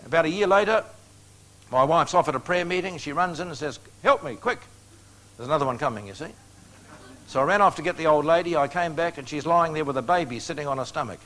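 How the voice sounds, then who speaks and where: An older man delivers a storytelling sermon. His voice sits a little high for a man. He talks in a homely, joking way and chuckles at his own tales. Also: fast, a bit bright. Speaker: preacher.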